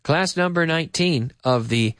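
A Canadian man hosting a live radio English lesson from a studio, reading listener messages and explaining phrases slowly with examples. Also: on the high side, a bit bright, no echo. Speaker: radio English teacher and host.

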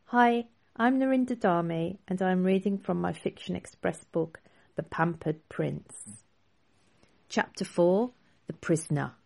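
A woman author reading her own children's book aloud in a clear, expressive storybook style. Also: on the low side, a little slow.

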